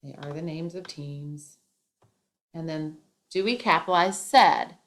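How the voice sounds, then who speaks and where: A woman's voice: low voice, a little slow, a little hiss or hum. A woman teacher explaining a grammar lesson step by step, with playful asides.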